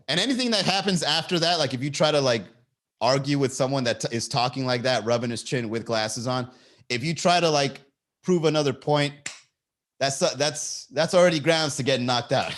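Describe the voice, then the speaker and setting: A man's voice: mid-range voice, moderate pace, fairly bright tone. A man hosting a comedy podcast, riffing casually, often laughing and swearing freely.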